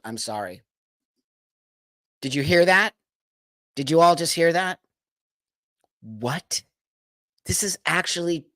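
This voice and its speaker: A man's voice: fairly high pitch, a bit bright, no room sound. Exasperated man ranting on a live stream. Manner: exasperated ranting, swears, laughs in disbelief. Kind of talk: casual live stream commentary.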